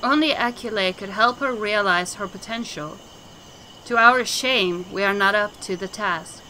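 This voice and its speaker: A woman's voice: medium pitch, a little slow, pushed and bright, a little hiss or hum, rough recording. A woman voicing a grave elder shaman who speaks in formal, solemn sentences. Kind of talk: game dialogue voicing.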